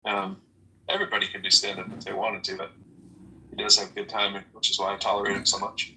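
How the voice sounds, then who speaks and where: A man with a very bright, sharp tone and a slightly low pitch, chatting casually. He hesitates, stops, and repeats words as he hosts. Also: little pitch movement, fast, far from the mic, slight background noise, poor audio. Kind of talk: casual chat.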